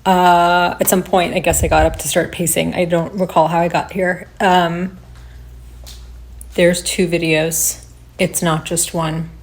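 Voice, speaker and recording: A woman giving unscripted reaction commentary, agitated and swearing, shaken and halting as she talks. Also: fairly low pitch, flat delivery. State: shaking with upset. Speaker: reaction video creator.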